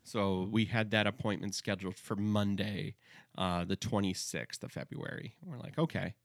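A man's voice: on the low side, normal speed, gravelly, no room sound, studio quality. A young man casually telling a rambling, jokey story as a podcast co-host. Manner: rambling, jokey, slips into comic voices.

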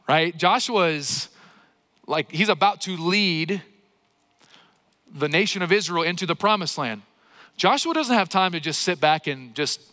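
A pastor preaches a sermon in a fairly high, pushed, bright voice, speaking conversationally and posing rhetorical questions to the congregation. The recording has a long hall reverb.

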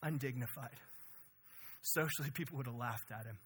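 A man preaching a conversational, energetic sermon as pastor, often asking "right?". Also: mid-range voice, normal speed, a little hiss or hum.

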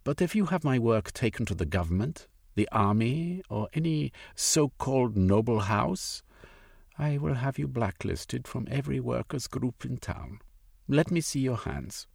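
A man voicing a gruff, skeptical older scholar who questions a visitor in a storybook reading. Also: mid-range voice, animated, measured pace, darkish tone, no echo, studio quality, voice pushed up, heavily acted. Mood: suspicious.

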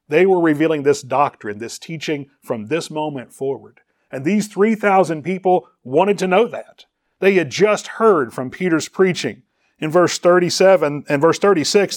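A man's voice: a little high, dry recording, studio quality. A man preaching a sermon, reading scripture aloud and explaining its words. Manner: reads scripture aloud and explains Greek words, rising in emphasis on questions.

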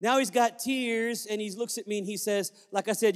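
Brief: male pastor from Puerto Rico, animated sermon storyteller, high-ish voice, reverberant sanctuary. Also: normal speed. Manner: animated storyteller, acting out dialogue. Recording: long hall reverb.

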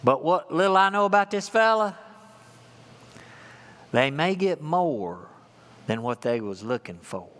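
Man playing a teasing villager with a bright, high voice, in a drawling, leg-pulling delivery, long reverb. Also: animated, unhurried, pauses often. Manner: playful, drawling storyteller teasing strangers. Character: folksy small-town man who loves to tease.

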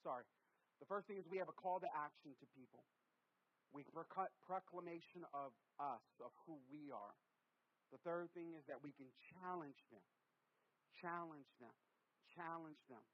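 A man in his thirties from the US West Coast preaches to a congregation in a fairly high voice. His delivery is animated and jokey, full of repeats and restarts. The recording sounds dull and lo-fi. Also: moderate pace. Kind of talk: sermon. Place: church hall with congregation.

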